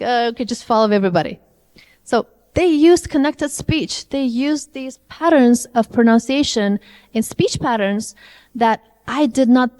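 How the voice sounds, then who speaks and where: A woman's voice: high-pitched, a little mellow. A woman giving an interactive language lecture to a live audience, often asking them questions. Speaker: IELTS trainer. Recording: long hall reverb.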